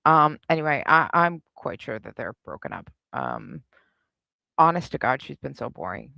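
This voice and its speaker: A woman hosts a live reaction stream and comments on clips with sarcastic, snarky asides. Her voice is gravelly with plenty of fry and swings widely in pitch. The sound is close and dry, with no room behind it. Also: huge pitch swings, normal speed, bright, forceful tone, no echo, lo-fi sound.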